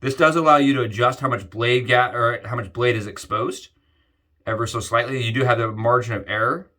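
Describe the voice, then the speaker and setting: A man's voice: mid-range voice, fairly quick, pushed and bright. A young man talking casually to his viewers while he shaves, chatty and repeatedly addressing them as guys. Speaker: shaving vlogger. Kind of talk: casual talk to camera while shaving.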